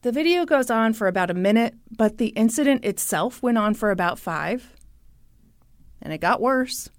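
A woman host telling a story in a lively chat, acting out the quotes. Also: fairly high pitch, normal speed, dry recording, studio quality. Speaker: podcast host.

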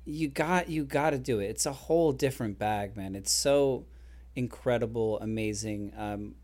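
A man in his thirties co-hosting a podcast, talking casually and playfully, rambling and getting loud and excited when he teases. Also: mid-range voice, normal speed. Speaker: podcast co-host. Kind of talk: casual chat.

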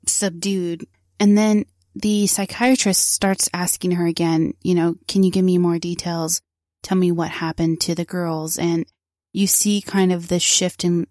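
A woman narrates a true crime case in a low, fairly flat voice. Her delivery is conversational and she often drops in "you know". The sound is dry and close, with no room echo. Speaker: true crime podcast host.

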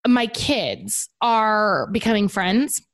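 A woman's voice: medium pitch, lively intonation, slow, no room sound. A woman in her thirties co-hosting a casual podcast, telling stories animatedly and acting out her child's voice. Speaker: podcast co-host. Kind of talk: casual chat.

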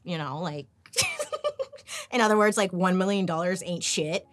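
A woman's voice: on the low side, big pitch swings, a little slow, faint music behind. A woman hosting a podcast, telling history in a sarcastic, casual way and swearing freely. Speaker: podcast host. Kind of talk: casual storytelling chat.

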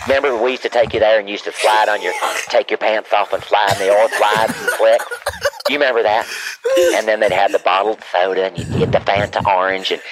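A man's voice: on the low side, lightly acted. A man voicing a rambling, doting elderly aunt, calling in on a speakerphone. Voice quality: meandering, gossipy, loses the thread. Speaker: caller. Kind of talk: comedic phone-call character bit. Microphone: phone on speaker. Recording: speakerphone call with background noise.

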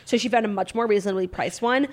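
Woman, podcast co-host, very fast, chatty, casual talk. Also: mid-range voice. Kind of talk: casual chat and read ad.

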